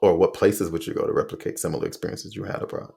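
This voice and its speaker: A young man hosts a casual podcast chat, his voice sitting very low. He talks quickly, doubling back and correcting himself with animated asides. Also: vocal fry. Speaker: podcast host. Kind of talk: casual conversational interview.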